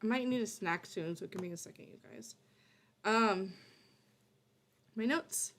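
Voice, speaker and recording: A woman's voice: medium pitch, a little slow, pauses often, a bit bright. A woman streamer reacting to a video in rambling, stop-start casual chat, swearing freely.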